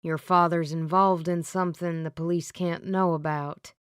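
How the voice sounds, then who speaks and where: A woman voicing a grumpy older male psychic with a Southern accent and a gruff manner. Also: on the low side, fairly even intonation, moderate pace, dry recording, studio quality, close to an everyday voice. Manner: gruff, then softening.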